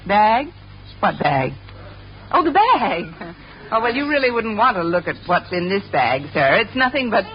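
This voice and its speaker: An actress playing a quick-witted female schoolteacher in a 1950s radio sitcom, breezy and wisecracking, heard in an old radio broadcast with audience laughter and hiss. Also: medium pitch, big pitch swings, dull audio, close to an everyday voice. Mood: playful.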